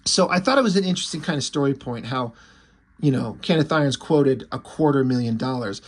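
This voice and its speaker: A man's voice: mid-range voice, expressive, a little fast. A man casually recapping a comic book issue, rambling with fillers and swearing freely. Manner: rambling and profane, lots of fillers.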